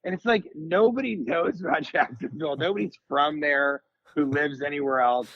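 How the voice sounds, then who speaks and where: Comedian guest, man in his forties, a bit high-pitched, rambling animated storyteller on a dry, dull podcast mic. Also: normal speed. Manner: rambling, animated storyteller, jumps into high comic voices for quotes. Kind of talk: casual podcast chat.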